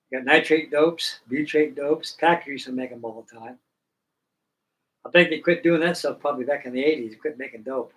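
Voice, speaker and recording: A man's voice: mid-range voice, a little fast, fairly bright tone, far from the mic, low-quality recording. A middle-aged man hosting a live stream, chatting casually and folksily while he builds models, with rambling talk and casual swearing.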